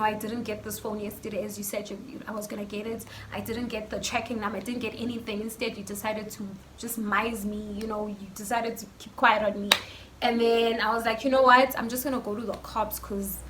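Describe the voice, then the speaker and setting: A South African woman telling a story in a casual vlog, chatty and animated with lots of fillers, filmed on her phone. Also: medium pitch. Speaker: YouTuber. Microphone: phone camera. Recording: faint background noise from phone mic.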